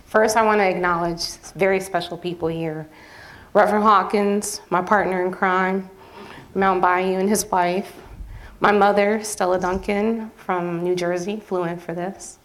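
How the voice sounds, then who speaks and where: A woman's voice: lowish voice, steady tone, a little slow. A woman professor giving a nervous, earnest, emotional public presentation at a campus event. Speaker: journalism professor presenting her project.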